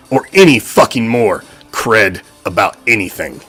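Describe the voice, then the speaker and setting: A man's voice: mid-range voice, animated, moderate pace, pauses often, fairly bright tone, soft background music. A man hosting a fan show, ranting in a heated, profane, repetitive way. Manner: profane, heated, repeats himself. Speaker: podcast host, sports fan. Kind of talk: unscripted fan rant.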